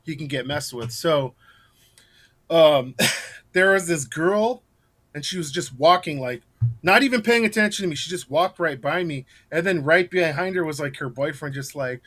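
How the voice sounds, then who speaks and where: This man's voice is a little high and a bit bright, moving at normal speed. As a guest scare actor in a casual interview chat, he tells loose, rambling stories, restarting often, filling gaps, and laughing while he speaks.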